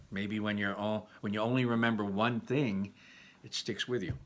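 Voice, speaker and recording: Man reading a novel aloud, bright voice. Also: fairly low pitch, a little hiss or hum. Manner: expressive first-person storytelling.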